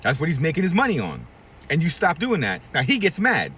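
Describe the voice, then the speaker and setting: A middle-aged barbershop owner rants to the camera in a blunt, profane, preachy way, with his pitch jumping up and down a lot. He sounds a bit far from the mic, with faint traffic noise behind him. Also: wildly swooping pitch, fairly quick, fairly bright tone. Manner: blunt, profane, preachy, acts out quoted voices. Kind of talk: candid advice rant to camera.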